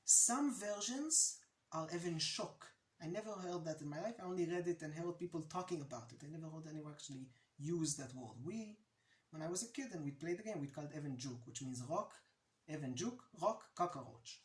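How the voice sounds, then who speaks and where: A man's voice: on the high side, lively intonation, brisk. Chatty Israeli man in an echoey room. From Jerusalem, Israel. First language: Hebrew. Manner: chatty, anecdotal, laughs at own stories. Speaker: language teacher. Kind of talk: casual language lesson.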